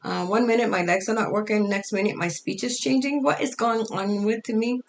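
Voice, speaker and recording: A middle-aged woman telling her own story in a halting, casual way, her speech altered so that it sounds foreign. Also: medium pitch. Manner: halting, with fillers and restarts. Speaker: storyteller sharing her life.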